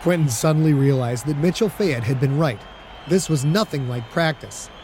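A man narrating an audiobook in a steady storytelling manner. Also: on the high side, moderate pace, a little hiss or hum.

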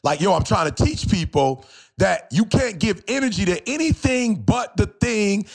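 High-voiced gravelly guy preaching motivation on a podcast, repeats himself, gets shouty, faint music behind. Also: lively intonation, moderate pace. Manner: fervent, preachy, repeats phrases for emphasis, sometimes shouts; addresses listeners directly as y'all. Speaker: motivational speaker and co-host. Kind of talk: passionate podcast talk.

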